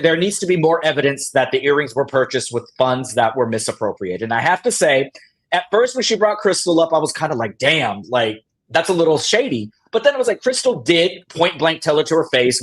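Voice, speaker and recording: Man, slightly high voice, casual TV recap, animated, acts out quotes. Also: a little fast. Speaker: podcast host.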